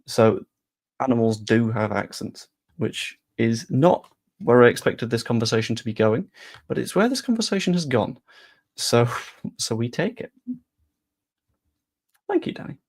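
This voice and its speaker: Young male streamer, mid-range voice with noticeable vocal fry, casual rambling chat delivery. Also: medium pitch, expressive, measured pace, pauses often. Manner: rambling, chatty, self-deprecating asides. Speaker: football channel streamer.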